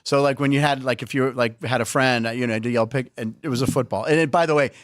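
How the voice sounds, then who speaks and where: A man's voice: medium pitch, quick pace, dry recording, clean studio sound. A middle-aged man hosting a comedic sports talk show, bantering playfully and laughing often. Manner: playful, animated, laughs often, stages fake phone calls.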